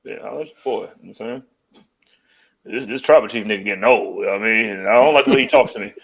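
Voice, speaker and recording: A man's voice: lowish voice, racing, fairly bright tone, husky. A man co-hosting a podcast, chatting casually and jokingly about wrestling in loose slang. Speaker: podcast co-host.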